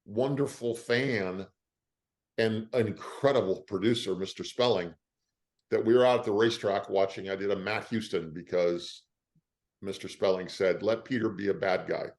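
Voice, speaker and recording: An older man, an actor, telling stories in an interview with a lively, emotional delivery. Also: fairly low pitch, moderate pace. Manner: lively storyteller, emotional at times. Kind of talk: animated anecdotes.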